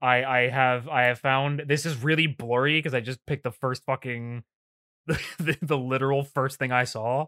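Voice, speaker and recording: A man's voice: medium pitch, fairly even intonation, normal speed, bright, forceful tone. Laughing, swearing podcast man. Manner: laughs often, swears casually. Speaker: podcast host. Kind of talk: casual chat recapping a cartoon.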